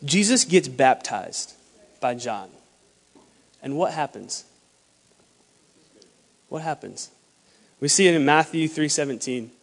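A young man preaching a sermon to a church, animated, acting out dialogue in lowered voices. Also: slow pace, pauses often. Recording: long hall reverb.

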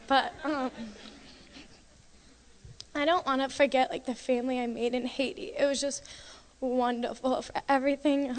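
A teenage girl with a high voice gives a church testimony, chatty and emotional, saying "like" often. Her words ring out with a long hall reverb. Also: steady tone, measured pace, pauses often. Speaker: mission trip member giving testimony. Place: church sanctuary.

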